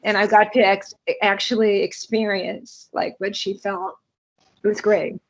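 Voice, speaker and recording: A middle-aged woman, a guest in an interview, telling an animated story and acting out the voices of the people she quotes. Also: medium pitch, measured pace. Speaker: guest, camp co-founder.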